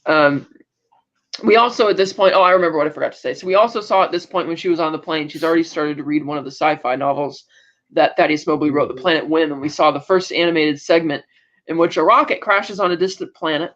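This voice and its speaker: A man's voice: fairly high pitch, fast talker, fairly bright tone. A man co-hosting a podcast, recapping an episode in casual chat, rambling with lots of "like" and restarts. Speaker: podcast co-host. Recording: dull lo-fi recording.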